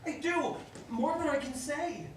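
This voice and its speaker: A woman's voice: high voice, unhurried, a little hiss or hum. A woman playing an earnest, lovestruck young bridegroom, pleading and flustered. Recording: echoey distant stage recording.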